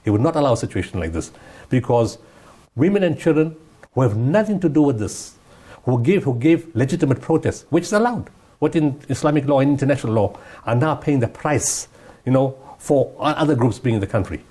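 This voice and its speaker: A man's voice: medium pitch, animated, fairly quick, warm tone, slightly rough. A man giving impassioned interview answers, emphatic and repeating his points. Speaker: guest humanitarian speaker.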